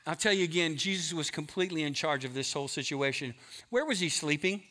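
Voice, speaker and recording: A middle-aged man preaching a sermon, emphatic, moving between loud stretches and hushed ones. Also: on the high side, fast. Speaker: pastor.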